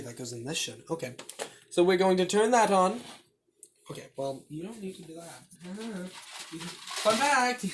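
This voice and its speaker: A woman's voice: fairly low pitch, background noise. A young woman hosting a home cooking video, rambling, joking at her own expense and swearing freely. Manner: rambling, self-mocking and profane. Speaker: home cooking show host. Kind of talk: joking casual cooking vlog. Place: home kitchen. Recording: kitchen clatter of dishes and cutlery.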